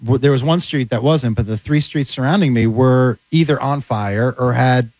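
A man's voice: mid-range voice, normal speed, darkish tone, dry recording. A man telling comic stories in casual chat, acting out the voices of people he quotes. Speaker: comedian guest.

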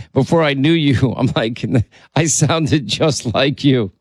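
A man's voice: medium pitch, takes it slowly, husky, no echo. A man hosting a talk radio show, bantering and teasing his co-host. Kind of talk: casual on-air banter.

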